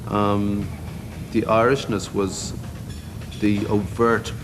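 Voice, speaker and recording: A man's voice: on the low side, level tone, slow pace, noisy background. A man giving blunt, candid opinions in an interview.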